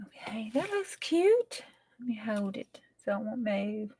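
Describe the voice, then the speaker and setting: Give me a middle-aged woman chatting slowly and casually as she works on a craft project. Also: fairly high pitch, sing-song, darkish tone, a little hiss or hum. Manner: chatty, drawling, often dropping to a whisper. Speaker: craft channel host.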